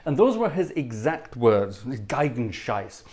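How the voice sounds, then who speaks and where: A man who is both livestream host and organist chats casually between pieces of music, telling self-deprecating anecdotes. His medium-pitched voice is sing-song and darkish, and he takes his time.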